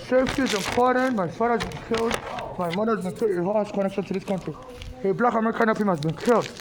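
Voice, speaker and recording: A Nigerian woman protester delivers an angry ranting monologue inside a public building, agitated, repetitive and insistent. Her voice is fairly high and a little mellow, and the clip was captured on a handheld phone.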